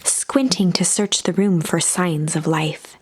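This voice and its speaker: A woman narrating the story text of a game, in a storybook style, with a hushed delivery in tense passages. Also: on the low side, slow pace, husky.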